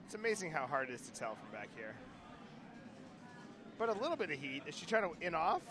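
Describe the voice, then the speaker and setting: A man with a fairly high, very animated voice talks through a curling game in a casual, joking way. The chatter of a crowded club is clearly heard behind him. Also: fairly quick. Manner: joking, chatty, laughs often. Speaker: curling commentator. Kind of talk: casual live commentary.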